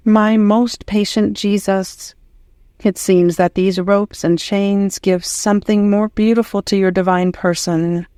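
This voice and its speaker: Female audiobook reader, devotional prayer text, measured and unhurried, mid pitch. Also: fairly even intonation, warm tone, smooth, no room sound, clean studio sound. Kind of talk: slow devotional reading.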